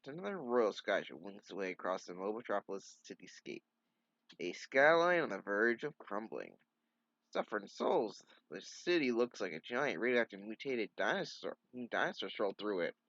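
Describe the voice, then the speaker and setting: A young man reads a comic aloud and breaks off for bemused, sarcastic, swearing asides. His pitch moves a lot, and the recording is dry with a slightly muffled top end. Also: sing-song, normal speed, vocal fry, fairly bright tone, no echo. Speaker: comic reader. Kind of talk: casual comic read-along with commentary.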